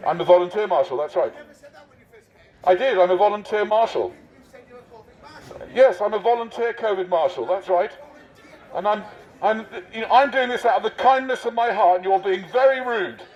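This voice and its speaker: A man's voice: sits high, normal speed, long pauses, darkish tone. A man posing as a covid marshal on a city street, teasing passers-by in a mock-officious way. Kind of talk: satirical street performance. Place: busy city street outdoors. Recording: dull lo-fi street recording.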